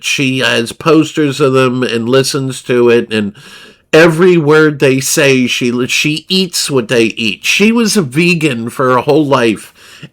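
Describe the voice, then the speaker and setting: Male streamer, crude rambling chatter, slow and drawling, average pitch. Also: fairly bright tone. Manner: profane, rambling, laughs at himself. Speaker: livestreamer.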